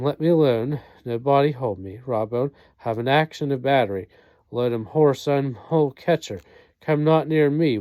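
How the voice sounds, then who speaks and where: Mellow man reading a play aloud. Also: medium pitch, no room sound. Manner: reads out speaker names and stage directions. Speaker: reader.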